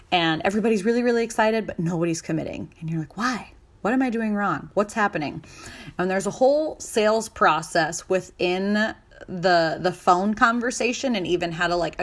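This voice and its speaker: An upbeat woman in her thirties talks casually on her own podcast, coaching listeners about sales. Her delivery is chatty and lively, and she slips into excited inner voices as she goes. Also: on the low side. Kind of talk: casual solo podcast talk.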